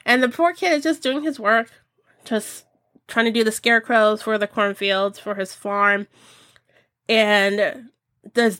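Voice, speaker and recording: A woman hosting a podcast, chatting casually about movie picks and acting out scenes in high voices. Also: fairly bright tone, dry recording. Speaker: podcast host.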